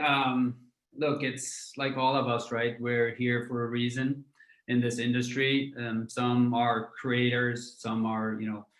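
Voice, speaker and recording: A man in his forties talks things through slowly, with plenty of fillers and restarts along the way. His voice stays level and barely rises or falls. The sound carries a noticeable roomy echo. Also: mid-range voice, a bit bright. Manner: reflective, many fillers and restarts. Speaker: guest, music tech entrepreneur. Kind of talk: conversational interview answer.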